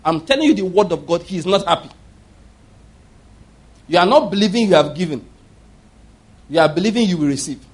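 A man's voice: high voice, lively intonation, fairly quick, pauses often. A middle-aged man preaching a sermon, telling stories with emphatic repetition. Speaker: pastor.

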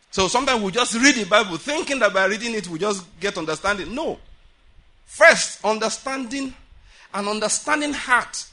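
A high-pitched man preaches a sermon at a prayer meeting. He's animated, frequently laughs, and performs the voices of those he quotes.

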